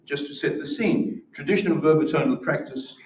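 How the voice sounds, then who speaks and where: A man's voice: fairly high pitch, brisk, slight background noise. A man giving an academic lecture with demonstrations, explaining patiently and often restarting his words. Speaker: symposium presenter. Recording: roomy echo from far off.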